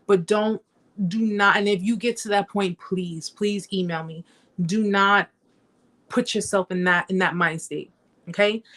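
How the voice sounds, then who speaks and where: A middle-aged woman hosting a live chat, telling her own story in an emphatic, repetitive way and often speaking straight to her viewers. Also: mid-range voice. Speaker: host of a survivor support live chat. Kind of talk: emotional live-stream storytelling.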